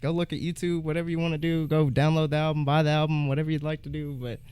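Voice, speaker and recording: A man's voice: a little high, flat delivery, quick pace, a little mellow, clear, resonant tone, no room sound. Laid-back, blunt male rapper guest. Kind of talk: casual interview chat.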